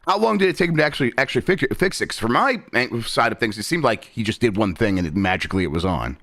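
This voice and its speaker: A man's voice: medium pitch, animated, fast, fairly bright tone, dry recording, clean studio sound. A man hosting a gaming podcast, chatting casually with many restarts, then reading a scripted intro. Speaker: podcast host.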